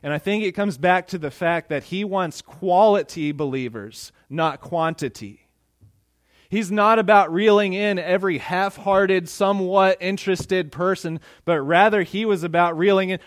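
A man preaching a sermon in a conversational, animated way, acting out quotes. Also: sits high, normal speed, dry recording, studio quality. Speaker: pastor.

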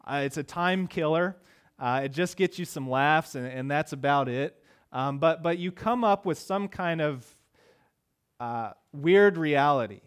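A middle-aged pastor preaches in a loose, conversational manner. His voice sits a bit high, and he often stumbles and repeats words as he starts a phrase. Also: lively intonation, a little slow, clear, resonant tone. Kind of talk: sermon.

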